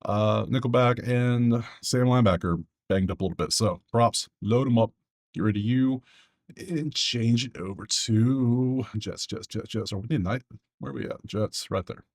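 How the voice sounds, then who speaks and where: In his own sports betting video, a man on the low side of the pitch range, sounding a little mellow, talks to himself while going through stats. The casual screen commentary is loose and chatty, with quick asides.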